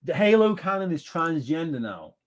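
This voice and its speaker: A man's voice: fairly high pitch, sing-song, moderate pace, dry recording. A man ranting casually on a livestream, reacting to chat in a rambling, profane, incredulous way.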